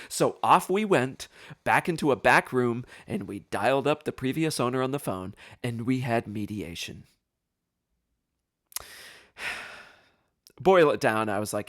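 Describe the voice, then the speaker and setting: A man hosting a podcast, telling a personal story in an animated, self-deprecating way, with plenty of ums and restarts. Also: mid-range voice, unhurried, pauses often, no room sound, clean studio sound. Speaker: podcast host.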